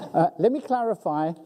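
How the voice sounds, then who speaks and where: A woman's voice: on the low side, noisy background. A woman with a South African accent announcing scholarship awards at a ceremony, joking lightly with the audience. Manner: self-deprecating, joking with the audience. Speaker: ceremony presenter. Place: auditorium. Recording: long hall reverb.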